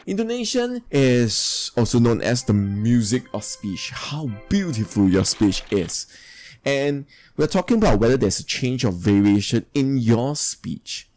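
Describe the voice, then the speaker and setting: A man's voice: mid-range voice, darkish tone. A man teaching a recorded lesson, explaining steadily and spelling out examples. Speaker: English teacher.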